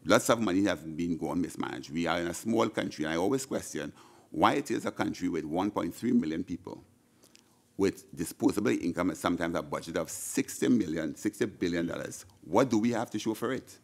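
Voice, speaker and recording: A man's voice: low-pitched, lively intonation, a little fast, vocal fry. A middle-aged man from Trinidad and Tobago with a Trinidadian accent, giving an impassioned senate budget speech into a desk microphone, often repeating words and restarting. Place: senate chamber.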